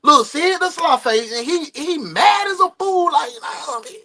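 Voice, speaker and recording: A man giving casual, animated reaction commentary to a video, laughing and slipping into the voices of the people in the story. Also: very high-pitched, unhurried.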